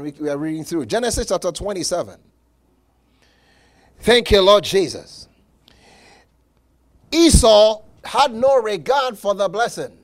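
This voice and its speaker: A man preaching a sermon as pastor, emphatic, with repeated words and dramatic pauses. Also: high voice.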